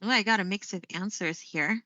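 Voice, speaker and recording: A woman teaching an English lesson on a live stream. She speaks slowly and expressively, laughing often. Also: mid-range voice, no echo. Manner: slow, expressive delivery with frequent laughs. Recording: slightly muffled stream audio.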